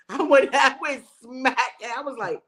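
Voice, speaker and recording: A woman in her forties, a comedian telling animated, bawdy stories and laughing often in a casual interview. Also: sits high, unhurried. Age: 40s. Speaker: comedian guest.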